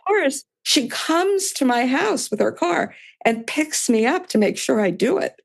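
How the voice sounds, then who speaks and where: A woman's voice: sits high, big pitch swings, measured pace, vocal fry. An older woman, a podcast guest, telling a story in casual conversation and voicing both sides of past dialogue with small laughs.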